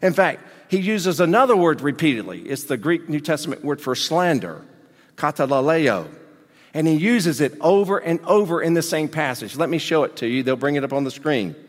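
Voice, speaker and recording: A male pastor preaching a sermon, animated and emphatic, with folksy asides and questions to the congregation. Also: a little high, a little fast, few pauses, big-room sound.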